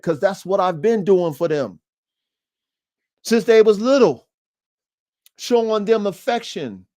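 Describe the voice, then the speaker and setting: A man's voice: high-pitched, expressive, slow, long pauses, darkish tone. A man hosting a casual dog training podcast, talking animatedly and straight to his listeners. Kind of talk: casual livestream talk.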